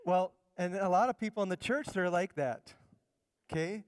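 Middle-aged male pastor, conversational sermon delivery, smooth resonant voice slightly high for a man, long church reverb. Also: moderate pace. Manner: conversational preaching, repeats words while building points. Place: church sanctuary.

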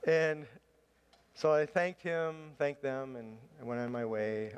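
A man of medium pitch preaches a sermon, telling a chatty, self-mocking personal story before turning to scripture. His voice carries a long reverb, as if heard in a church hall. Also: moderate pace, a little hiss or hum. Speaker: pastor.

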